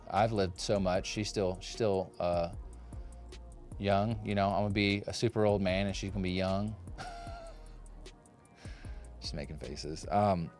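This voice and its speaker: This forty-something woodcarver streams live from his home workshop using a propped-up phone, chatting jokingly and at length while picking up on viewers' comments. His voice sits on the low side and sounds a little mellow.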